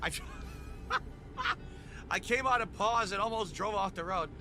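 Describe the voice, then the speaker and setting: An easygoing man chatting through a live game stream, with a fairly high voice. Game music plays clearly behind him. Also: unhurried. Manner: easygoing, reads chat messages aloud.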